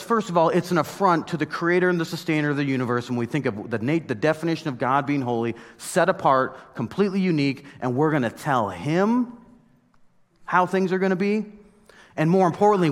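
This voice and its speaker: A man in his thirties preaching a sermon in a conversational, animated storytelling way, with mock outbursts. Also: fairly high pitch, fairly quick, big-room sound. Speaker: pastor.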